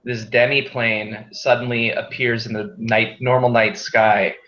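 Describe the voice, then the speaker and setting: A man narrating a tabletop game as game master, slow and hesitant with fillers. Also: medium pitch, flat delivery, a bit bright. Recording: dull echoey room.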